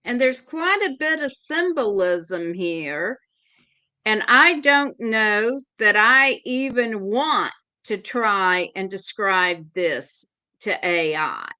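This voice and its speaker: Southern US woman, co-host, unhurried drawl, crisp tone. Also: mid-range voice, expressive, sharp tone, no room sound. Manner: slow, deliberate, describing cards in detail. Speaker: co-host tarot reader. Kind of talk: casual chat.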